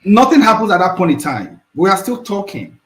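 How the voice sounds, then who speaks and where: A man explaining a subject step by step in a patient, teacherly way, with a fairly high voice. He often checks in with "you know?" The recording has a noticeably roomy echo. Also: sing-song, fairly quick. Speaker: guest expert. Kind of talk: explaining in an interview. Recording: echoey room.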